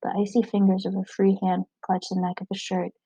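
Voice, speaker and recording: Woman reading a novel, flat and mellow. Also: mid-range voice, fairly quick, slightly rough, low-quality recording. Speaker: audiobook reader.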